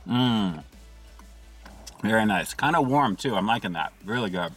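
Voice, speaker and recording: A man's voice: on the low side, expressive, brisk, fairly bright tone, slightly rough, faint music behind. A man doing an upbeat casual food review from inside a parked car, calling his viewers "guys" and chewing between lines.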